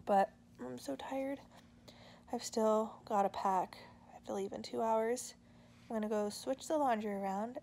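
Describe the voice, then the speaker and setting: A woman's voice: medium pitch, vocal fry, a little mellow, a little hiss or hum. A young adult woman chatting casually at home about her plans, rambling with lots of fillers. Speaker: family vlogger and mother. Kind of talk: casual chat to camera. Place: living room sofa at home.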